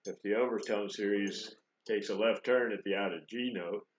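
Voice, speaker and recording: Brief: low-voiced New man, joking guitar teacher, roomy lo-fi recording. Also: steady tone, normal speed, a little hiss or hum. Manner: rambling, joking, with frequent fillers and restarts. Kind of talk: casual spoken guitar lesson. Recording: echoey room, dull lo-fi sound.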